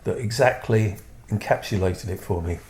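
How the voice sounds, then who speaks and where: Low-voiced man musing about his music. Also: a little mellow. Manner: thoughtful, unhurried, trails off and restarts. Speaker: musician guest. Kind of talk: casual interview chat.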